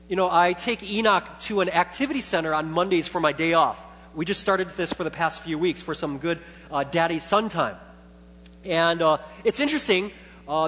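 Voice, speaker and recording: A man in his thirties preaching a sermon as pastor, telling a story with lively swings from quiet reflection to loud, excited retelling of his own thoughts. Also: fairly high pitch. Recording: long church hall reverb with faint hum.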